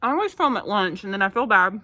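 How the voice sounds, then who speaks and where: A woman's voice: mid-range voice, big pitch swings, quick pace, pushed and bright. Chatty teacher woman vlogging. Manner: chatty, lots of fillers and asides. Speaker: first grade teacher. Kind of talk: casual vlog chat. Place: classroom. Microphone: phone camera.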